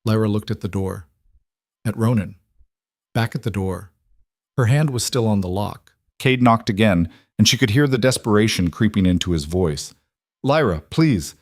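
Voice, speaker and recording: Low-voiced male story narrator. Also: moderate pace, a little mellow, dry recording, studio quality. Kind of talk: scripted narration.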